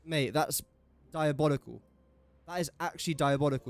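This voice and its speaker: This young adult man from England is streaming a game, joking and chatting both to himself and to the characters on screen. His voice is on the high side and his pace is moderate.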